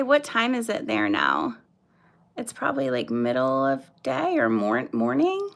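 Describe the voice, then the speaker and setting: Woman in her thirties, unhurried delivery, nervous, apologetic, filler-heavy casual livestream chat. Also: very deep voice, wildly swooping pitch. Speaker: livestream host.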